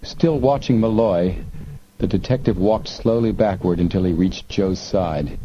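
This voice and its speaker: A man narrating an audiobook in a measured, steady manner. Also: sits low, muffled recording, a little hiss or hum. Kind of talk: scripted narration.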